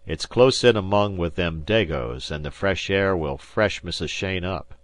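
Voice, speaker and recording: A man voicing a gruff, plain-spoken old schooner skipper with a folksy drawl in an audiobook. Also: sits low, a little slow, dry recording.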